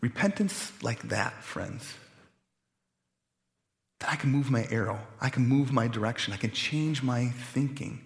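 Earnest pastor preaching in a reverberant church. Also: male voice, medium pitch, lively intonation, unhurried, vocal fry. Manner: earnest, conversational with emotional swells. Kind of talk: sermon. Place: church sanctuary.

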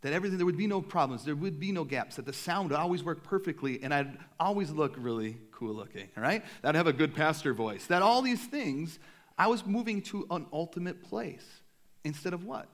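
A young man, a pastor, preaching a sermon in a casual, animated way with self-deprecating humor. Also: on the high side, a little fast.

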